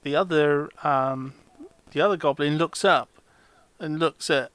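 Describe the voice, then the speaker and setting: A man running a tabletop game as dungeon master, narrating haltingly and restarting his phrases. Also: on the high side, fairly bright tone, smooth, no room sound.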